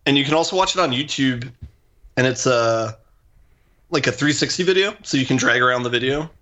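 A man with a bright, forceful voice chats easily on a tech podcast. He pauses with uhs and likes. His pitch is mid-range for a man. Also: expressive, lo-fi sound. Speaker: podcast co-host. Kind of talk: casual tech podcast chat.

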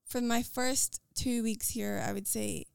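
An American woman with a Scottish-tinged accent, talking as a podcast guest in an earnest, quick way with fillers and restarts. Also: fairly high pitch, fairly even intonation, creaky, darkish tone, clear, resonant tone, dry recording, clean studio sound. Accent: American with a Scottish lilt. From United States. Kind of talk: casual conversational interview.

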